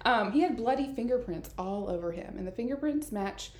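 A woman's voice: fairly high pitch, lively intonation, a little fast, darkish tone. A woman co-hosting a casual podcast, teasing and laughing often as she summarizes the episode. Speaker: podcast co-host. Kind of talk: casual recap chat. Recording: echoey room.

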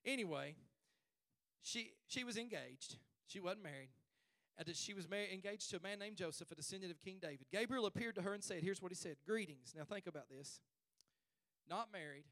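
A male pastor delivers a fervent sermon at a church service, his voice unusually high and bright. He stretches out key phrases and climbs to shouted peaks. The sound is smooth and dry. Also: brisk, no echo.

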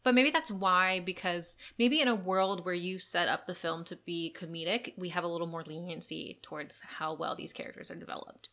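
A woman's voice: fairly low pitch, moderate pace, hardly any pauses, pushed and bright. A woman from the Los Angeles area co-hosting a casual film podcast, chatty and full of "like" and "um". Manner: chatty, fillers like "like" and "um". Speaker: podcast co-host.

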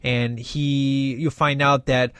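A man's voice: medium pitch, slow pace, smooth, dry recording. A man casually retelling a film's plot, acting out the characters' lines with plenty of fillers. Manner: animated retelling, acts out quoted dialogue, many fillers. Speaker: movie reviewer. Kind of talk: casual film recap.

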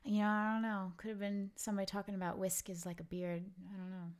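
A woman's voice: mid-range voice, little pitch movement, quick pace, a little mellow, clean tone. A woman from Brooklyn co-hosting a podcast in casual chat, rambling with lots of "like" and the odd curse word. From Brooklyn, New York. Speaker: podcast co-host.

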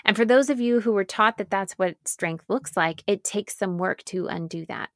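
A woman pastor and speaker giving an earnest, reflective talk, stressing repeated phrases with slow pauses. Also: medium pitch, dry recording, clean studio sound. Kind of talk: reflective spoken talk on grief.

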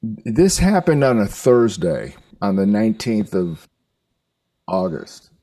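An older man telling a story in casual chat, halting and rambling, with some swearing. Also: on the low side, big pitch swings, dark tone, dry recording.

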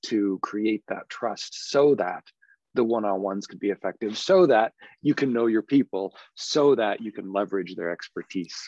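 Man, husky voice, dry close sound, slightly dull lo-fi audio, earnest and explanatory. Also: fairly low pitch, normal speed, a little mellow, dry recording. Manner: earnest, explanatory, demonstrates tones of voice. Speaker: podcast guest, education consultant. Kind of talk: conversational interview.

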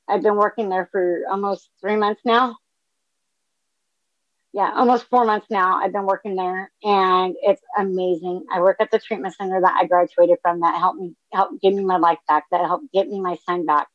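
A woman giving an earnest, emotional personal testimony to a group, talking openly with frequent pauses and ums. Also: mid-range voice, fairly even intonation, dry recording, dull audio. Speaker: recovery speaker sharing her story.

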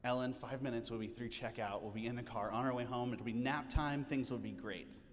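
A pastor playing a patient young mother who calmly soothes her toddler while shopping, in a reverberant church hall. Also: mid-range voice, fairly quick, a little hiss or hum, close to an everyday voice. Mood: soothing. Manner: calm, soothing reassurance.

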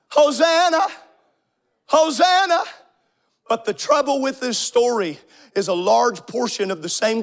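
A man preaching an impassioned sermon, swinging between sing-song shouting and hushed asides. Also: sits high. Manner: shouting, sing-song preaching cadence with sudden drops to near whispers.

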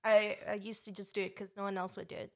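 A woman's voice: mid-range voice, flat delivery, quick pace. A young woman co-hosting a casual podcast, telling work stories in a matter-of-fact way. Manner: matter-of-fact storytelling with small restarts. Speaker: podcast co-host. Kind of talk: casual chat.

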